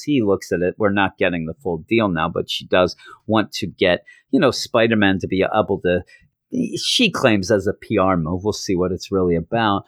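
Low-voiced animated podcast host. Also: male voice, moderate pace, dry recording, clean studio sound. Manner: animated storytelling, acting out characters. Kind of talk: comic book recap podcast.

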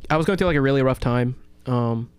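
A man, hosting a radio talk show and telling a long story in a loose, animated way with lots of fillers and swearing. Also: mid-range voice, quick pace, smooth, dry recording. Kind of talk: casual chat, storytelling.

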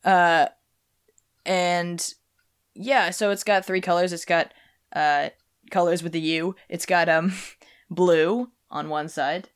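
A woman's voice: fairly low pitch, steady tone, takes it slowly, pauses often, clean tone. A young woman hosting a casual chat podcast, rambling with lots of fillers and restarts. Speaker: podcast host.

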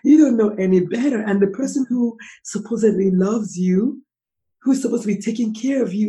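A woman's voice: medium pitch, moderate pace, dark tone. A woman from Nigeria, hosting a podcast interview and talking empathetically, thinking aloud with rhetorical questions. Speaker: podcast host. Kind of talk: conversational interview.

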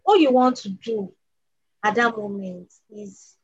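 A woman in a group call asks a question, halting and restarting as she speaks. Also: mid-range voice, darkish tone, breathy edge, muffled recording. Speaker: participant asking a question.

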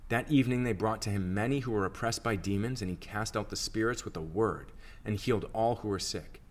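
A man reading scripture aloud for a church reading plan, in a steady, measured narration. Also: lowish voice. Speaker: scripture reader.

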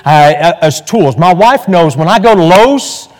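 A man's voice: fairly high pitch, lively intonation, measured pace. A male pastor teaching an evening church lesson in a folksy, chatty way, full of fillers and restarts. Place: church hall. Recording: echoey hall.

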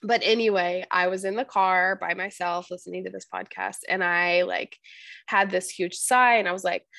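A woman's voice: lowish voice, fairly even intonation, moderate pace, vocal fry, pushed and bright, no room sound. A young woman hosting a podcast, chatting casually and telling stories with frequent restarts. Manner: chatty, storytelling, many restarts. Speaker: podcast host.

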